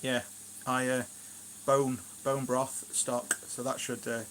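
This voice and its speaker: A man with a Shropshire English accent chats in a loose, rambling way, full of fillers and side remarks. He sounds relaxed and homely, talking to viewers from his kitchen on a casual live stream. His voice sits at an ordinary middle pitch. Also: slow pace, slight background noise. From England, Shropshire. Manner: rambling, chatty, many fillers and asides. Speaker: gardening vlogger, live streamer.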